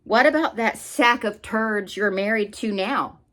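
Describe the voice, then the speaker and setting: A woman's voice: medium pitch, unhurried, fairly bright tone. A woman hosting a commentary channel, delivering an angry, scolding rant with blunt swearing.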